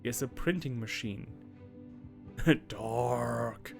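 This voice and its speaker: A man hosting a let's play, reading game text aloud and breaking into loud, laughing asides. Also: mid-range voice, very slow. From Germany. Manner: laughs often, bursts into loud playful reactions between calm read-outs. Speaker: gaming channel host. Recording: game music clearly behind the voice.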